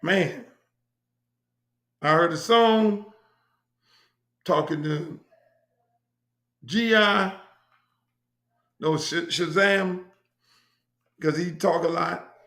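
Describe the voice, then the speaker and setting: A man's voice: high-pitched, drawn-out words, pauses often, bright, forceful tone, reverberant. A middle-aged man from Miami hosting his own show, telling stories in a brash, profane, repetitive way. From Miami, USA. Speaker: host. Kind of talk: casual storytelling monologue.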